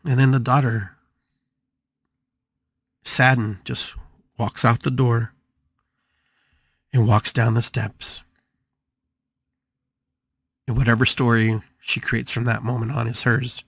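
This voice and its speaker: A man's voice: medium pitch, level tone, slow pace, creaky, long pauses, a bit bright, husky, no echo, clean studio sound. A man hosting a spiritual podcast, telling a story with emphatic, dramatic repetition. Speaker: podcast host.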